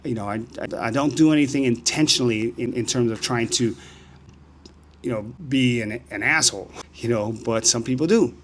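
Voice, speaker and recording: A man in his sixties tells stories in a casual vlog, animated and acting out the dialogue. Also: moderate pace, a little hiss or hum. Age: 60s. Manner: animated, acts out dialogue with rising pitch. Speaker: vlogger. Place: outdoors on a sunny street.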